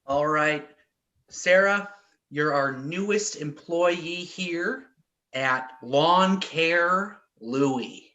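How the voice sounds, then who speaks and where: A man's voice: a little high, drawn-out words, bright, forceful tone, highs cut off, exaggerated voice. A man playing a cheery lawn boss. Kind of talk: improv comedy scene.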